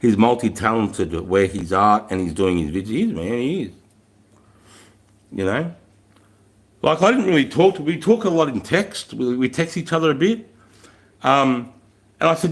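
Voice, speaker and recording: A man's voice: medium pitch, animated, moderate pace, pauses often. Rambling, swearing Australian man. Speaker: livestream guest. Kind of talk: casual chat.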